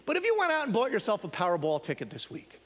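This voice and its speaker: A male pastor delivers a sermon in a chatty, questioning way. His voice sits high and swings widely in pitch. A long reverb from a large hall hangs behind his words. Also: wildly swooping pitch, quick pace. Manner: conversational, asks the congregation questions.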